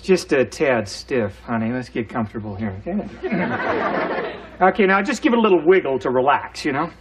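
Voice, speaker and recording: A man's voice: mid-range voice, moderate pace, a faint crowd, slight background noise, natural voice. An actor playing a playful, flirty middle-aged father and robot inventor in a studio sitcom. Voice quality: lively, teasing delivery. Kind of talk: 1980s studio sitcom acting.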